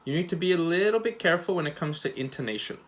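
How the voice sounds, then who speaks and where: A man teaching a recorded grammar lesson, speaking in a relaxed, hesitant way with many fillers and restarts, and acting out example questions with rising and falling intonation. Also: a little high, rapid-fire. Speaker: English teacher.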